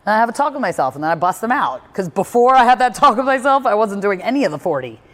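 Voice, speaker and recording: A woman coaching listeners on mindset in a blunt, emphatic way, with frequent "like" fillers. Her voice sits at an ordinary middle pitch. A long reverb trails after each phrase. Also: very animated, fast talker, a bit bright. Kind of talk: motivational talk.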